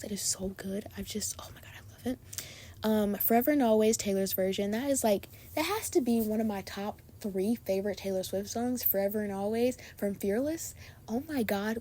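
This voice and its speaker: A woman's voice: medium pitch, mellow, a little hiss or hum. A young woman hosting her own podcast, chatting casually and gushing in a bubbly way, a little sleepy late at night. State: sleepy and tired. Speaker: podcast host. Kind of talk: casual chat.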